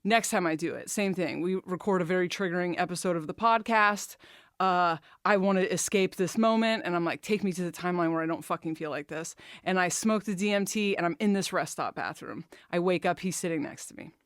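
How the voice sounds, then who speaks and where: A woman's voice: lowish voice, brisk, no room sound, clean studio sound. A woman hosting a podcast, telling a candid, emotional personal story, swearing freely and talking openly about her feelings. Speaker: podcast host.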